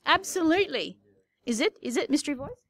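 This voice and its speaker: A woman's voice: sits high, animated, fairly quick, a bit bright. A woman teaching maths in a recorded lesson, playful and chatty with jokey asides.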